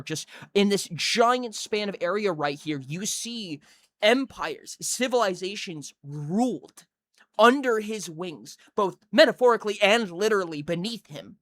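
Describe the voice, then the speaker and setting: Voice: mid-range voice, animated, unhurried, a bit bright. Game master narrating vividly. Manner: vivid, builds scenes step by step.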